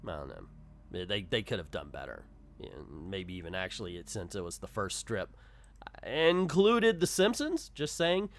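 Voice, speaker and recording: A man's voice: low-pitched, big pitch swings, unhurried, a bit bright. Blunt, rambling man. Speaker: comic reviewer. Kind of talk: casual commentary.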